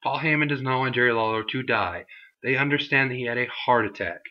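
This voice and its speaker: A man's voice: mid-range voice, fairly quick, lo-fi sound. A young man reviewing a wrestling show in a casual vlog, rambling with many fillers and mocking put-on voices for the people he quotes.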